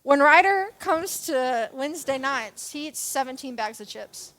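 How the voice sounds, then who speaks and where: A woman's voice: sits high, animated, unhurried, fairly bright tone. A young adult woman giving a sermon as a church youth leader, chatty and self-deprecating, with jokes and asides.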